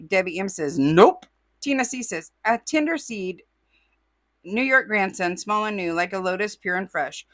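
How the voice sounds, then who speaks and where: A woman's voice: mid-range voice, pushed and bright, dry recording. A woman from California hosting a crafting channel, reading viewer comments aloud with chatty asides and calling the audience y'all. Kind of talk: casual chat.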